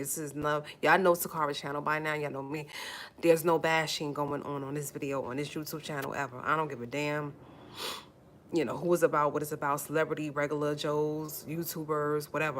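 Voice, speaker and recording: This YouTube livestream host, a woman with a low-pitched, fairly bright voice, speaks earnestly and conversationally to her audience, pleading, repeating phrases, and holding back tears. Slight background noise is audible.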